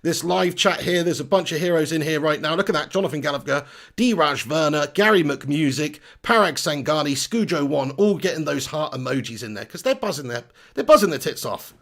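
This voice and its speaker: Gravelly, upbeat live-stream host. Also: male voice, fairly high pitch, fairly quick. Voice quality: energetic, chatty, reads viewer comments aloud. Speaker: football fan channel host.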